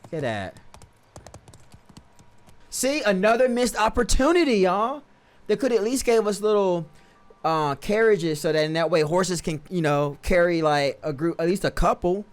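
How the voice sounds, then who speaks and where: A man's voice: sits high, expressive, moderate pace. A man streaming a life-sim game, giving casual, slangy commentary and often stopping to correct himself.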